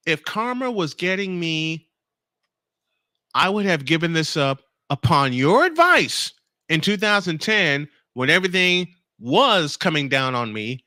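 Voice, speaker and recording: A man's voice: a little high, pushed and bright, no echo. Guy hosting a morning show, angry rant at some commenter, voice all over the place, dry close mic. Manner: confrontational, addresses a critic directly and reads comments aloud; emphatic, repeats phrases for effect.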